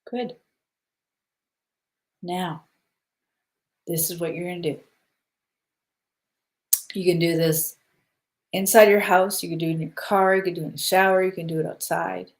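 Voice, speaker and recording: A woman hosting a casual spiritual stream, guiding listeners through breathing and giving gentle advice, often checking in with "okay?". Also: fairly low pitch, fairly even intonation, measured pace, long pauses. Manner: soothing, repeats "okay?" to check in. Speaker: spiritual live-stream host. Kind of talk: casual guided spiritual talk.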